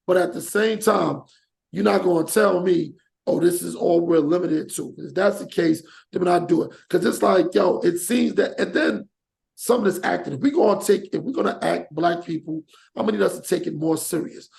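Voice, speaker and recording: A man with a high, heavily gravelly voice hosts a casual podcast chat. He rants with energy and acts out examples mid-sentence. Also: moderate pace. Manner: animated, rants with acted-out examples. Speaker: podcast host.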